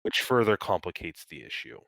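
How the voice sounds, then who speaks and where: Low-voiced man, rambling podcast chat. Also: sing-song, brisk, creaky, a bit bright, no room sound, studio quality. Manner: rambling, many fillers and restarts, swears casually. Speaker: podcast co-host. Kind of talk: casual chat.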